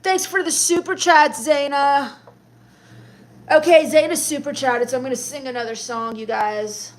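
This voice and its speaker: High-voiced sassy woman streamer. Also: steady tone, moderate pace. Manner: sassy, snappy comebacks to chat. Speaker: live streamer. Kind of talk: in-character comedy livestream reading chat.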